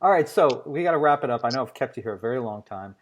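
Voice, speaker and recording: A man hosting a casual interview, talking in a chatty, joking way with plenty of fillers. His pitch is ordinary for a man. He moves easily between banter and questions. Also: animated, quick pace. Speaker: interview show host.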